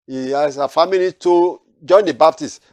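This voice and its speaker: A man's voice: fairly high pitch, moderate pace, darkish tone, no room sound. Man reading and explaining scripture. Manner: reads scripture aloud then explains it, with restarts. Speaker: Bible teacher. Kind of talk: Bible study teaching.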